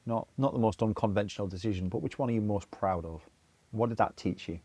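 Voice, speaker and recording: A man's voice: lowish voice, quick pace, dark tone, husky, dry recording. A man hosting a podcast, encouraging his guest as he asks questions. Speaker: podcast host. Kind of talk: casual podcast interview.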